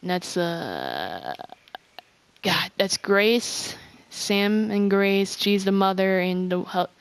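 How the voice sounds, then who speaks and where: A woman giving casual gameplay commentary for her video, rambling and halting with many restarts. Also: medium pitch, big pitch swings, clean tone. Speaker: game video creator.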